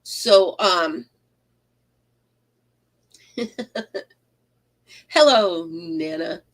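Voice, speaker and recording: Woman, unhurried, rambling livestream crochet host who greets viewers by name. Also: lowish voice, lively intonation. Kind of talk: casual livestream chat while crocheting. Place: craft room at home.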